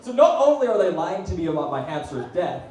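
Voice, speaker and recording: A man's voice: high-pitched, quick pace, recorded from a distance, a little hiss or hum. Young male comic in an echoey room. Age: young adult. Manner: deadpan asides, loud punchlines. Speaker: student stand-up comic. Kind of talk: stand-up comedy set. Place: small comedy venue, audience laughing. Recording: very echoey room, heard from afar.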